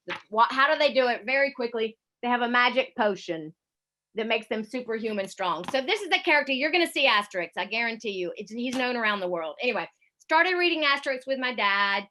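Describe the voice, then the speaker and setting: A Southern American woman in her forties speaks to students in a loose, chatty way, stumbling and restarting as she goes. Her voice sits fairly high and sounds bright and forward. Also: animated, brisk. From South Carolina, USA. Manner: chatty, self-deprecating, many fillers and restarts. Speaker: guest speaker, radio correspondent. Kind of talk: casual talk to a student audience.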